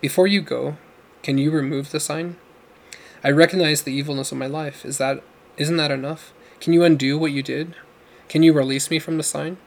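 A man's voice: a little high, fairly even intonation, normal speed, creaky. A man voicing a remorseful, ailing former criminal who pleads earnestly and despairingly.

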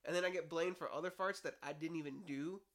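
A man's voice: on the high side, fairly even intonation, fast. A young man in casual chat with friends, joking and chiming in.

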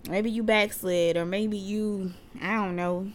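A woman's voice: medium pitch, steady tone, slow pace. A woman of about thirty hosting a faith podcast, chatting casually and using slang as she talks straight to her listeners. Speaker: podcast host and mother.

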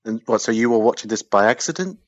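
Low husky guy on a podcast, trivia-minded, dull muffled mic. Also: lively intonation, no echo. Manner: chatty, trivia-minded, quick asides. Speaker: podcast co-host. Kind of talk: casual chat about old British TV.

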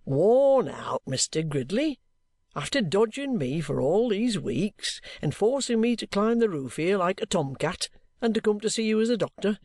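An audiobook reader voicing a shrewd, jovial middle-aged male detective who coaxes and banters in a steady everyday voice, recorded close and dry. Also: mid-range voice, moderate pace, no echo, pitched above the performer's own voice. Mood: bantering. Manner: coaxing, bantering encouragement. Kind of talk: audiobook character reading.

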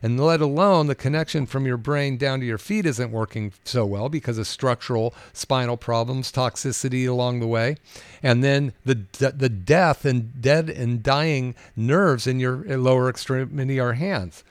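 Speaking at normal speed with a medium pitch, a man who is a doctor swaps casual patient anecdotes on a podcast, stumbling through many fillers and restarts. There's no room sound in the recording.

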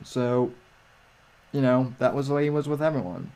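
A man chatting casually on a livestream, rambling with frequent restarts and halting phrases. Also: mid-range voice, animated, dark tone, clear, resonant tone. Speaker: livestream guest. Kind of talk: casual chat.

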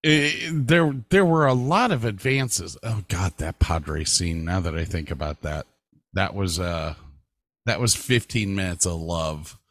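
A man's voice: deep voice, unhurried, fairly bright tone, no echo. A man co-hosting a podcast in casual, joking chat, swearing and laughing often. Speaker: podcast co-host.

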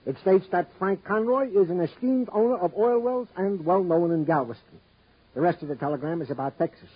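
An actor playing a good-natured police sergeant in a 1950s radio drama, chummy, with wordy, mock-formal phrasing and a slightly hoarse voice. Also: male voice, high-pitched, brisk. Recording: dull old radio broadcast recording.

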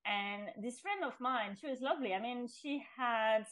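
Over a rough recording, a middle-aged French-speaking woman shares her personal story as a podcast guest in an interview. Her fairly bright, slightly high voice keeps a normal speed. She's chatty, restarting and laughing, and voices her younger self in quotes.

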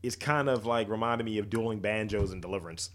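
A man's voice: on the low side, fast talker, fairly bright tone. A man co-hosting a casual podcast, joking and musing at length. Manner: joking, rambling, reflective. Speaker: podcast co-host. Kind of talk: casual chat.

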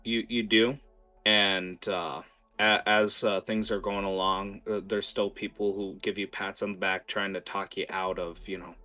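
A man narrating as game master of a tabletop game, quick and hesitant, with many fillers. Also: low voice, sharp tone.

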